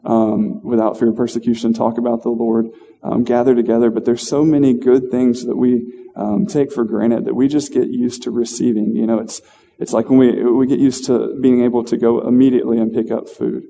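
Man, informal sermon, flat delivery, mellow voice, lots of restarts. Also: mid-range voice, creaky, big-room sound. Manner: conversational, self-deprecating, halting with fillers and restarts. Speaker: lay preacher. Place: church hall.

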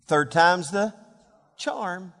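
High-voiced preacher in a reverberant hall. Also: male voice, drawn-out words. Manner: swings from hushed murmurs to loud shouted scripture. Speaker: pastor. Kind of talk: sermon. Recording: long reverb of a large hall.

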